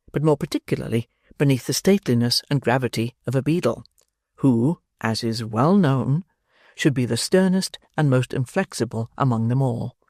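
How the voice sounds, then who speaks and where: An audiobook narrator reading a classic novel in a measured, expressive storytelling manner. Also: medium pitch, no room sound. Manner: measured, expressive storytelling with dry wry emphasis.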